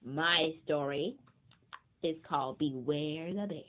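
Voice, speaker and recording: A woman voicing a cheerful, odd male penguin in a picture book, speaking slowly. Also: deep voice. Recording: tinny phone-like sound.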